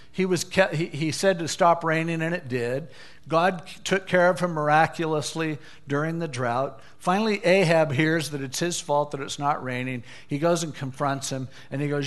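A man preaching with a fairly high voice for a man, retelling a story in a lively, conversational way. He slips into the characters' voices as he goes. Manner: lively storytelling, acting out dialogue. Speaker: pastor. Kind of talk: sermon.

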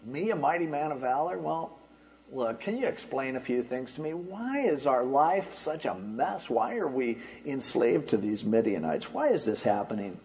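A man's voice: medium pitch, big pitch swings, normal speed, a little mellow. A man preacher voicing a doubting young Israelite farmer, sarcastic and complaining to God. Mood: sarcastic complaint.

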